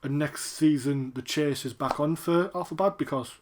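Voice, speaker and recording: A man reviewing a wrestling show in casual chat and reacting to the matches, excitable and quick to cheer at the screen. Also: fairly high pitch, a little hiss or hum.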